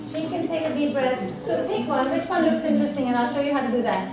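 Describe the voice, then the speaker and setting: A woman's voice: high-pitched, fast. A woman presenting a live workshop, coaxing her listeners through breathing exercises with many repeated words. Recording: echoey room from far off, noisy.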